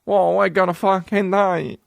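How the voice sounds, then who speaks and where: A man voicing a panicked Soviet man who keeps shouting to his comrade. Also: high-pitched, fairly even intonation, normal speed, creaky, no room sound, studio quality, pitched above the performer's own voice. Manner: loud, frantic, exaggerated.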